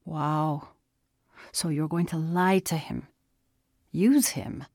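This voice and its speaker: A woman voicing a calm, probing teenage boy who questions his friend in a measured way. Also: low-pitched, dry recording, clean studio sound, exaggerated voice. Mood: pressing. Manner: questioning, measured, gently pressing.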